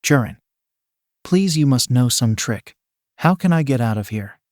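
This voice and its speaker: A man's voice: medium pitch, animated, unhurried, darkish tone, no room sound, clean studio sound, natural voice. A man reading the lines of a flustered young girl who stammers and pleads in panic. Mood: panicked.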